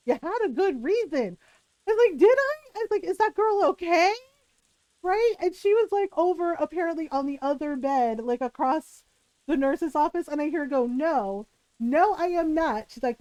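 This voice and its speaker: A woman streamer with a high voice tells a long story in a casual, lively way. She acts out each person's lines and laughs between them. The sound is dry, with no room echo. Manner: animated, acts out quotes, laughs often.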